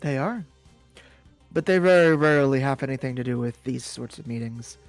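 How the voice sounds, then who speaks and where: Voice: medium pitch, moderate pace, no echo. A tabletop player shifts between speaking in character and stepping out to ask questions, often stumbling over repeated words. The recording is dry and close, with faint music underneath. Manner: hesitant, repeats words when unsure. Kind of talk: tabletop role-play, in and out of character.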